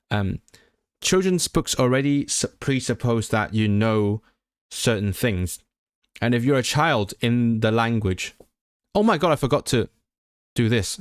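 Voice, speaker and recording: A man's voice: fairly low pitch, no room sound, clean studio sound. A young man on a livestream, studying aloud and stumbling, correcting himself as he switches between reading and chatty asides. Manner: thinks aloud, self-correcting and stumbling over words. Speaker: language-learning streamer. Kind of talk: casual livestream study session.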